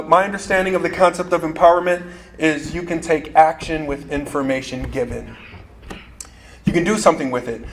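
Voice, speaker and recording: A man delivers a motivational keynote with an animated, storytelling manner and keeps joking with his audience. His voice sits a little high for a man. A faint room noise hums underneath. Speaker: keynote speaker.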